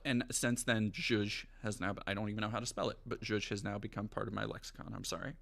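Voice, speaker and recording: A man's voice: fairly low pitch, fast, gravelly, hardly any pauses. A man streaming casually, riffing and swearing in a jokey way and reading text aloud with mock drama. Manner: animated, profane, jokey riffing. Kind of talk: casual livestream commentary.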